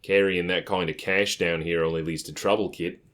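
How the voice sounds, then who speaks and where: A man's voice: low-pitched, steady tone, normal speed, a bit bright. A man doing a jovial, faintly accented tape dealer. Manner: friendly, jovial, conspiratorial. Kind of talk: audiobook character voice.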